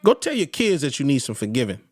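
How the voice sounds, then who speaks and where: A young man from East Oakland with a Bay Area accent, hosting a podcast and delivering a loud, profane comedic rant that swings between high yelps and low growls. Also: sing-song, fast, faint music behind. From East Oakland, California. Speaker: podcast host.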